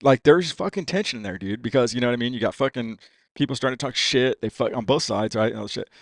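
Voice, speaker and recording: Rapid-fire, gravelly-voiced man in his fifties, from California, swearing and dude-ing through his stories, dry close sound. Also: medium pitch, no room sound. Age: 50s. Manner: profane and animated, says "dude" constantly. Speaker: podcast guest, racer. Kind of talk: casual storytelling.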